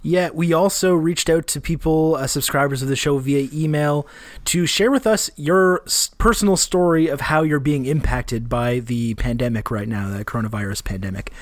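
A man with a Canadian accent co-hosting a podcast, talking in a relaxed, rambling way with fillers and restarts. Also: a little high, normal speed, no echo. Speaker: podcast co-host. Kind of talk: casual podcast chat.

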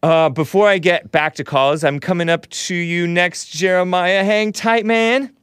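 A man hosting a call-in show, chatting casually, laughing often and jumping up in pitch now and then. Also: fairly even intonation, measured pace, a bit bright, smooth, dry recording, clean studio sound.

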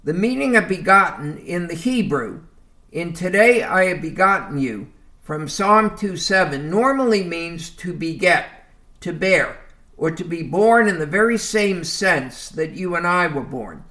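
A man teaching a Bible lesson, reading verses aloud and explaining them deliberately, often calling his listeners folks. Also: high-pitched, lively intonation, bright, forceful tone. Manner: slow, deliberate, reads scripture aloud and explains it.

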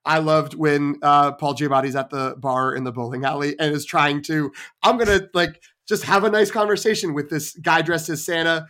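A man co-hosting a casual film review podcast, retelling scenes with quoted lines and lively storytelling. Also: a little high, normal speed, few pauses. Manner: animated storytelling with quoted voices. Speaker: podcast co-host.

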